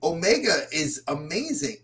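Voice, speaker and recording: A man co-hosting a wrestling podcast in casual chat, animated and rambling through lists of names. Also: on the high side, normal speed. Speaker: podcast co-host.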